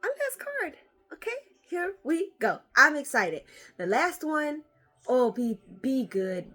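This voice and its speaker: A woman vlogger chatting casually as she opens card packs, animated and swearing freely. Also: sits high, unhurried. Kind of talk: casual chat.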